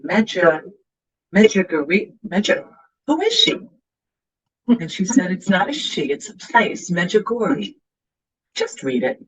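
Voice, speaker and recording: Middle-aged woman telling her story, husky voice. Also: lowish voice. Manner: animated, acts out quoted voices. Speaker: guest author. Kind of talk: personal storytelling. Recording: muffled, lo-fi sound.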